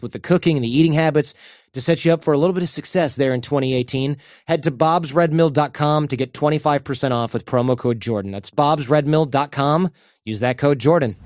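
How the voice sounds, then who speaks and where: A man's voice: medium pitch, a little mellow, no room sound, clean studio sound. A man hosting a podcast, reading sponsor spots in a loose, chatty way and briefly acting out little quoted voices. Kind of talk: casual ad read with banter.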